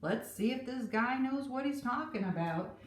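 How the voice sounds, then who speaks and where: A woman's voice: fairly high pitch, lively intonation, moderate pace, pitched above the performer's own voice, close to an everyday voice. A woman voicing tired, doubtful male fishermen disciples in a children's Bible story, talking in a shrugging way. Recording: roomy, from a distance.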